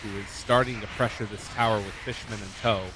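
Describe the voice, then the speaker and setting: A man's voice: on the low side, fairly even intonation, brisk, noisy background. A man calling a live esports match play by play, building up as the action heats.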